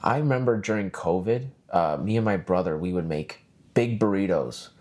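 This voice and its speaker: A man hosting his own podcast, ranting in a profane, rambling, animated way. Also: sits low, moderate pace. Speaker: podcast host. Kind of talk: solo casual podcast rant.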